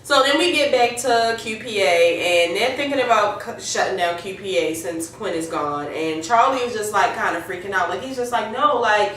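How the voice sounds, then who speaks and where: A woman's voice: mid-range voice, normal speed, few pauses, slight background noise. Profane woman recapping drama, echoey room. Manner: animated retelling, acts out characters' lines, profane. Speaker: recap host. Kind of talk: casual TV recap chat. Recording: echoey room, mic far off.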